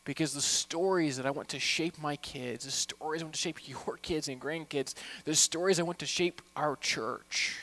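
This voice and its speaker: A man preaching a sermon as a pastor, with impassioned delivery that swings from hushed asides to loud, urgent appeals. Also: a little high, moderate pace, hardly any pauses.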